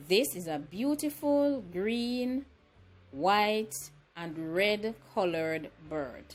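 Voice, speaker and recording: A Jamaican woman narrates a language tutorial in a slow, careful delivery, spelling out each word. Her pitch swings widely and brightly from phrase to phrase, and soft music plays faintly behind her. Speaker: language teacher.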